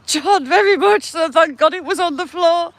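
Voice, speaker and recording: A woman hosting a casual live stream, caught in a helpless snorting laughing fit as she greets viewers by name. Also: very high-pitched. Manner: giggly, self-mocking, greets viewers by name. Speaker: livestream host.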